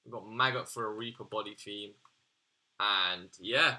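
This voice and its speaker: A man's voice: lowish voice, a little slow, pushed and bright, slight background noise. A young man giving casual, exasperated gaming commentary, swearing and slangy as he reacts. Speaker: gaming YouTuber.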